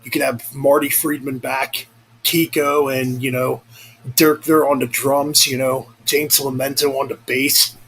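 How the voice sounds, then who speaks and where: A man's voice: mid-range voice, level tone, unhurried, fairly bright tone, a little hiss or hum, low-quality recording. A young man rambling casually in a vlog, cursing freely and correcting himself as he goes. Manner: rambling, profane, self-correcting. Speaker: vlogger. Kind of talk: casual chat.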